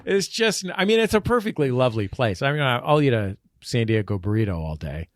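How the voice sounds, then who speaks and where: A man on a podcast as a guest, chatting casually and telling animated stories with bursts of laughter at a studio table. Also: mid-range voice, brisk, dry recording. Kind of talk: casual chat.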